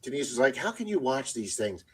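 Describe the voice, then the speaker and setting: A man's voice: medium pitch, sing-song, brisk, fairly bright tone, a little hiss or hum. A man co-hosting a casual live stream, chatting, telling stories and reading viewer comments aloud.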